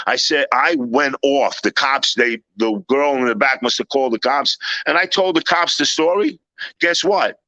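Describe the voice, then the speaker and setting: Bright, animated storyteller man. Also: mid-range voice, moderate pace, no echo, lo-fi sound. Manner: animated, loud when acting out scenes. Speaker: panel guest. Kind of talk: casual storytelling.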